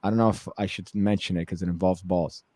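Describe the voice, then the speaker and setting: A man in casual conversation, telling an animated, profane story with laughs and acted-out quotes. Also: low voice, fast, dry recording.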